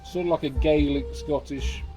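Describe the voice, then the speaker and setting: An older ex-soldier from England, who vlogs, chats casually and bluntly in an outdoor garden, swearing freely. His voice sits on the high side yet sounds dark, steady in tone, at a moderate pace, and faint music plays in the background.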